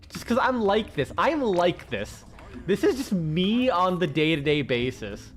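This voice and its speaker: During a casual gaming stream, a weary man with a high voice talks on and on with excitement. He laughs frequently and curses often.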